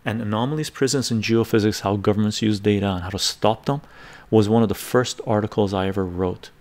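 A man's voice: fairly low pitch, a little mellow. A man hosting a live stream, telling a personal story in a casual, emphatic way and often checking in with his audience. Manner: talks fast in bursts, repeats "right?".

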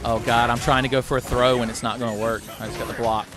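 A young man giving casual, profane commentary while playing a fighting game, often shouting his special moves. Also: mid-range voice, quick pace, music in the background. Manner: excitable, profane, yelling move names. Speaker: let's-play commentator.

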